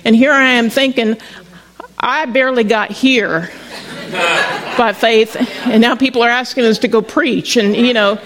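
Middle-aged woman preacher, higher pitched, talking through a personal story in a loose, stop-start sermon style. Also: steady tone, a little slow, crowd noise, rough recording. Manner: conversational storytelling with frequent restarts. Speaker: pastor.

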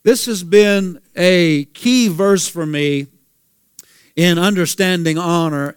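Pastor guy preaching, highish voice, dry close sound, keeps repeating himself for emphasis. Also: takes it slowly, smooth, no room sound. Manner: preachy, asks the congregation questions, repeats for emphasis. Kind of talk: sermon.

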